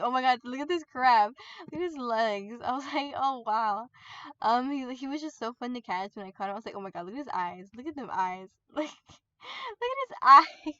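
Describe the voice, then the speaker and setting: A woman gaming YouTuber giving casual, rambling commentary on her game, giggling often and getting excited. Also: a little high, clear, resonant tone, no echo, dull audio.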